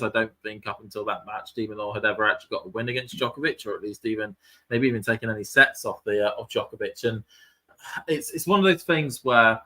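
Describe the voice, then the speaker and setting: A man's voice: medium pitch, pushed and bright. A British man co-hosting a casual tennis watchalong, chatting loosely with plenty of fillers. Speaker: podcast co-host. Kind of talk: casual live watchalong chat.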